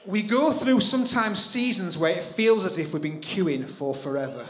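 A man preaching in church, telling a personal story with animated delivery and acting out his own thoughts. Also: high voice, moderate pace, echoey room, a little hiss or hum. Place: church hall.

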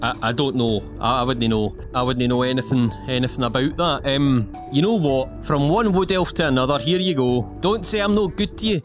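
A man's voice: medium pitch, a little fast, few pauses. A man giving cheeky, rambling, in-character commentary while playing a video game. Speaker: gaming YouTuber. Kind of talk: playful in-character gameplay commentary. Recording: game music playing behind.

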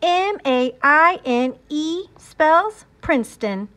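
A woman voicing a mischievous, excitable little boy in a read-aloud storybook, speaking in a wheedling, sing-song way. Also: high voice, unhurried, exaggerated voice. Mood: playful.

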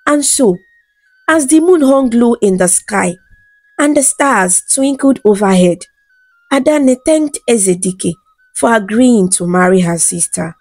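A woman narrating a bedtime folktale in a smooth, even storytelling read. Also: a little high, unhurried, dry recording, soft background music.

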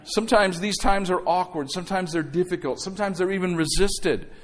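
A man's voice: high voice, brisk. A middle-aged man preaching a sermon as pastor, exhorting the congregation to say amen and throwing in conversational asides and rhetorical questions.

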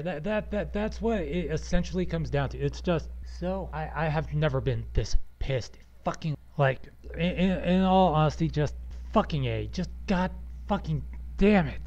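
A man's voice: a little high, animated, moderate pace, a little mellow. Furious, stammering young man ranting. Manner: furious, swearing constantly, stammering and repeating words. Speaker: podcaster. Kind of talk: angry rant. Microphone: computer voice recorder. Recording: muffled lo-fi home recording.

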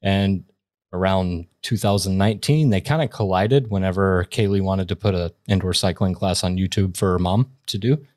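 Deep, relaxed middle-aged man as an interview guest, dry and close-miked. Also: normal speed, no room sound. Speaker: guest, video producer.

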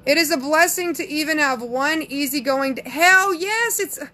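A woman's voice: high voice, normal speed, sharp tone. A sassy woman with a Southern accent, a psychic chatting casually on a live stream and reading viewers' comments aloud. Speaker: psychic answering live chat.

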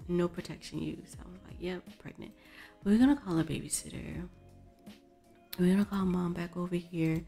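A woman's voice: lowish voice, little pitch movement, unhurried, dark tone. A woman hosting a casual let's play, chatting and exclaiming at the characters in her game. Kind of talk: casual gameplay commentary. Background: faint background music.

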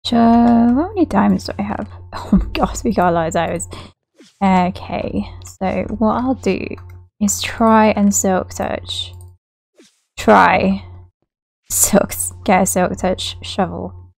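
A woman's voice: medium pitch, slow, gravelly, darkish tone. A woman chatting casually through gameplay as a gaming YouTuber, rambling and giggly.

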